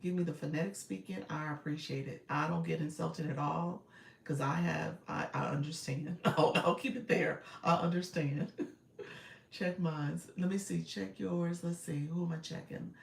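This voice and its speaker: A woman with a low-pitched, creaky voice and fairly even intonation hosts a casual live stream as a coach, speaking at a normal speed. She greets viewers by name and chats with many fillers and laughs, heard through roomy, distant phone audio with faint noise.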